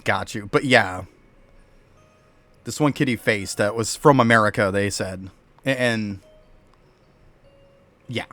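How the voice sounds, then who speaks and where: A man's voice: fairly low pitch, slow pace, pauses often, fairly bright tone, soft background music. A man from New York State ranting bluntly and profanely while chatting live with his stream viewers. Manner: blunt, profane, rambling rants.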